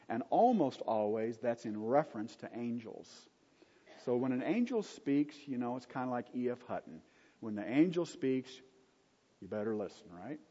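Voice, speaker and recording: A man teaching a Bible study, unhurried and emphatic, with conversational asides. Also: mid-range voice, a little mellow, breathy edge. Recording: dull lo-fi recording in a reverberant hall.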